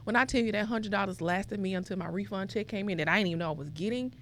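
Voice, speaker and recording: A young woman from Mississippi, telling her life story as a podcast guest in an animated way. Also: medium pitch, quick pace, a little hiss or hum. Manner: animated, acts out quoted voices. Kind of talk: conversational storytelling.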